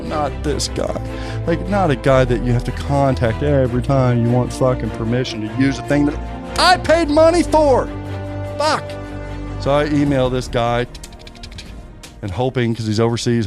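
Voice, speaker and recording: A man co-hosting a podcast in casual chat, telling stories in a ranting, profane, animated way. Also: mid-range voice. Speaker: podcast co-host.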